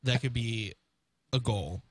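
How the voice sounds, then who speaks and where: A man co-hosting a casual talk show, chatting in a relaxed, agreeable way. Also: medium pitch, slow pace, breathy edge. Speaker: co-host.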